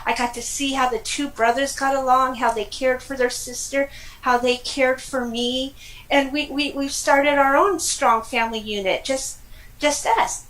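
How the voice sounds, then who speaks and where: A middle-aged woman from California telling her personal story in a casual, animated way, laughing often and exclaiming. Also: sits high, moderate pace, low-quality recording. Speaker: guest.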